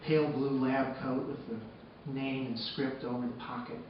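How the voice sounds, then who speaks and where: A man telling a personal story on stage, moving between hushed, sombre narration and loud, excited retelling. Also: mid-range voice, unhurried. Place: arts center stage before a live audience. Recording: echoey hall from far off, dull and noisy.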